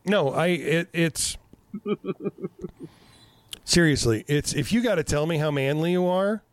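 A man in his fifties with a slightly high voice tells stories on a podcast, swearing freely and laughing at his own jokes. The sound is dry and close, with no room around him. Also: a little slow, dry recording. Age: 50s. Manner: profane, animated storytelling with self-mocking laughs. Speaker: podcast host. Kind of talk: casual podcast chat.

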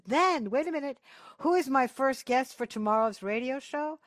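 A woman who hosts a radio talk show, appearing as a guest and speaking excitably and emphatically, stretching out key words. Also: high-pitched, normal speed, no room sound. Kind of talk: animated political conversation.

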